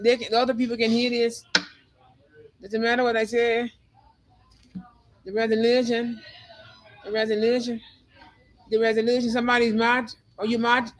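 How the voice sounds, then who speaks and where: A man's voice: very high-pitched, a bit bright, poor audio. A man giving a spiritual tarot reading monologue, rambling and emphatic, repeating phrases again and again. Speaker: tarot reader.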